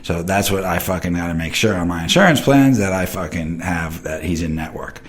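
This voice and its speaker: Deep-voiced middle-aged man, rambling and profane. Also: animated, fairly quick. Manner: rambling, swears constantly, talks straight to listeners; reads and answers chat comments. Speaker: host of an internet radio show. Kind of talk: casual profane monologue.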